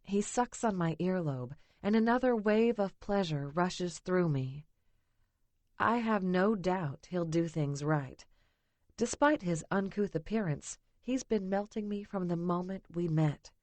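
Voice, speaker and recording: A woman reading a first-person romance audiobook in an intimate, breathy way. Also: fairly low pitch, lively intonation, measured pace, darkish tone, dry recording. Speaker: audiobook narrator.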